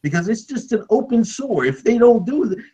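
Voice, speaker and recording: A man voicing a loud conservative male veteran uncle who rants and heckles, his pitch jumping high when outraged. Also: sing-song, fairly quick, crowd noise. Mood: ranting. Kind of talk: comedic podcast role-play. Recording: dull lo-fi audio.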